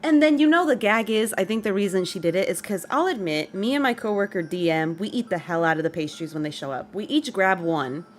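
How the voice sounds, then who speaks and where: A young adult woman streaming to her chat, telling a story in an exasperated, animated rant and laughing as she vents. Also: medium pitch, brisk, few pauses, a little hiss or hum.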